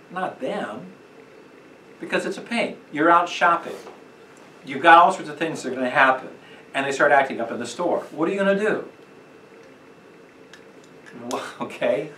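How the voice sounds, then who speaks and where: A man's voice: a little high, fairly bright tone. A man teaching a church parenting class in an emphatic, conversational way, acting out quotes and chuckling often. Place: church meeting room. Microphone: distant room mic. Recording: echoey room, distant mic, faint noise.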